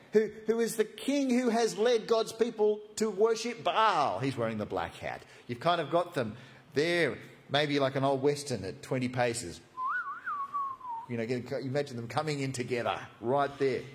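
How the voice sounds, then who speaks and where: A man preaching with a voice pitched a bit high that leaps and dips all the time. He tells the story in a jokey, animated way, acting out scenes as he goes. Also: normal speed, slight background noise. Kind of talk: expository sermon.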